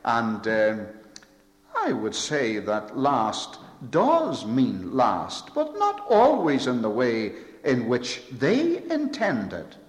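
Male preacher, lively pitch, emphatic repetitive delivery, recorded in an echoey hall. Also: takes it slowly. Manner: emphatic, repetitive preaching with swelling rhetorical lists. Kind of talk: sermon. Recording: echoey hall with long reverb.

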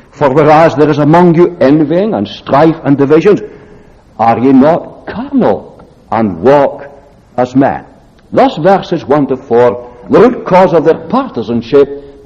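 A man preaching an expository sermon, solemn and deliberate, slowing down to read scripture aloud. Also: a little high, warm tone. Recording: echoey hall, dull lo-fi sound.

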